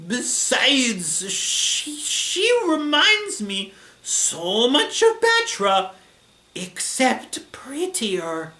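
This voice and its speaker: A man's voice: wildly swooping pitch, drawn-out words, exaggerated voice. A man voicing a jealous, dramatic three-headed male dragon monster in a put-on Italian accent, dragging out every word. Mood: scheming. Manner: drags out every word, high and loud. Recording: echoey room.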